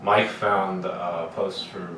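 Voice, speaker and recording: A man's voice: low-pitched, flat delivery, slow pace. A man in a band, recounting its history hesitantly with lots of fillers in a casual podcast chat. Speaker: band member, guest. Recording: roomy, distant mic with faint noise.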